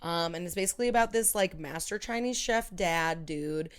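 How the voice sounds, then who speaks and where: A woman's voice: on the low side, moderate pace, smooth. A young woman co-hosting a podcast in casual chat, rambling with lots of "like" and swearing. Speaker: podcast co-host.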